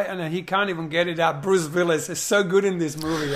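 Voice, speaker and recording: A man's voice: fairly high pitch, fast, few pauses. A man eagerly retelling a film scene in conversation, acting out the parts and asking rhetorical questions. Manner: animated, acts out scenes, many rhetorical questions.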